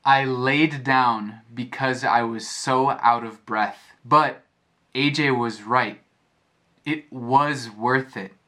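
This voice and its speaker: An American man teaching a lesson as a story, speaking clearly and repeating phrases to explain them. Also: medium pitch, steady tone, takes it slowly, pushed and bright. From United States. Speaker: English teacher. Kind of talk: slow storytelling lesson for learners.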